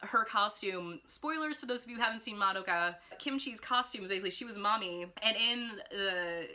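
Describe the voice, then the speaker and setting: A woman's voice: medium pitch, moderate pace. A woman telling a story in a casual vlog, chatty and gushing, often stumbling over her words and saying "like". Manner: excitable fan gushing. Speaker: vlogger.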